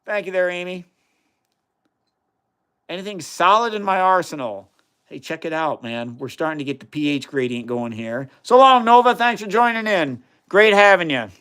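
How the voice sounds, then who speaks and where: A man's voice: high-pitched, normal speed, pushed and bright, clean tone. A man in his fifties hosting a casual livestream, doing chemistry experiments and answering viewers' questions with enthusiasm. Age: 50s. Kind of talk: casual live-stream chat while doing experiments.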